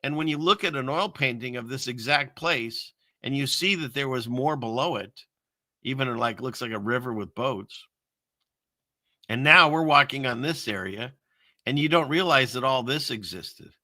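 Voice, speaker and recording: A man hosting a casual livestream, rambling and chuckling through viewer comments with lots of filler words and trailing pauses. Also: medium pitch, sharp tone, no room sound, clean studio sound. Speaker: livestream host reading viewer chat. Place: home setup in the Seattle area.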